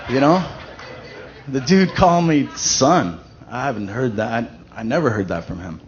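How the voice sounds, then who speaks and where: Man, lower register, conversational church testimony with lots of restarts; dull lo-fi recording with faint noise. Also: very animated, moderate pace. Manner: conversational, many fillers and restarts. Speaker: testimony speaker at a church event. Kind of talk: personal testimony.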